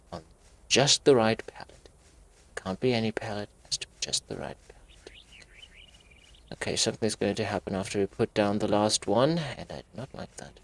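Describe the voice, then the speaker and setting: A man giving let's play commentary on a horror game, thinking aloud in quiet asides and breaking into sudden swearing. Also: fairly low pitch, creaky. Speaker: gaming YouTuber.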